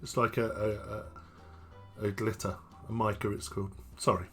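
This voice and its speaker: A man's voice: lowish voice, level tone, moderate pace, a bit bright, faint music behind. A British man co-hosting a casual podcast chat in a teasing, jokey way. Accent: British English. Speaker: podcast co-host.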